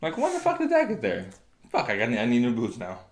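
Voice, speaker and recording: A man's voice: medium pitch, wildly swooping pitch, a little fast, roomy sound. A man co-hosting a podcast, telling blunt, profane stories in casual banter. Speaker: podcast co-host.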